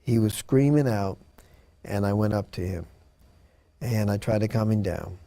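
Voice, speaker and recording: A guest in an interview tells a personal story earnestly and dramatically, acting out what people said. His voice is lowish and warm, at normal speed.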